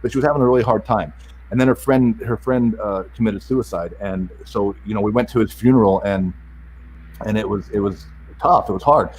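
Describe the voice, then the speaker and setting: A middle-aged man telling a family story in a casual interview, animated and acting out the other voices in it. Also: lowish voice, brisk, a little hiss or hum, low-quality recording. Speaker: podcast guest.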